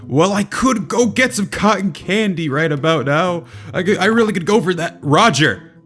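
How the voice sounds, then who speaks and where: A man's voice: high-pitched, lively intonation, normal speed, fairly bright tone, faint music behind, pitched above the performer's own voice. A man voicing a nervous, friendly young man with an eager, jittery way of talking. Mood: flustered.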